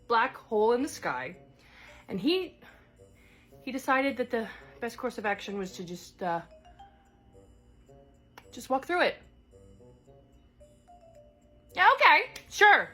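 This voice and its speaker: A woman's voice: a little high, sing-song, measured pace, pauses often, pushed and bright, faint music behind, heavily acted. A woman voicing a chatty goddess stranded in another world. She speaks in a rambling way, full of fillers and self-corrections. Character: chatty displaced goddess, scattered but caring. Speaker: one-sided role-play character. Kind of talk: improvised solo role-play.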